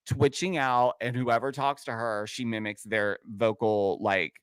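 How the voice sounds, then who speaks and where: A young man co-hosting a casual recap chat, talking fast with lots of "like" and joking asides. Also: medium pitch, flat delivery, clean tone, dry recording. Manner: fast, filler-heavy, joking. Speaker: podcast co-host.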